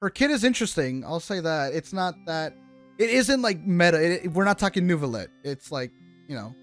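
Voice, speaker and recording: A man's voice: fairly high pitch, big pitch swings, fairly quick, a bit bright, soft background music. A young man hosting a casual gaming chat, talking in a loose, rambling way with restarts and the odd curse. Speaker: gaming YouTuber host.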